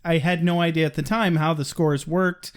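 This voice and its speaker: Man, podcast co-host, casual chat, dry and sarcastic-sounding, somewhat high voice. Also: fairly even intonation, moderate pace, clean tone.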